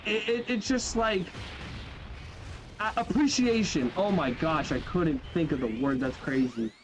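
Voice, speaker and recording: High-voiced young man chatting over gameplay. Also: unhurried. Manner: animated, chatty, says bro and yo, trails off mid-sentence. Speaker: gaming YouTuber. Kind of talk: casual let's-play commentary. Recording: faint game music behind.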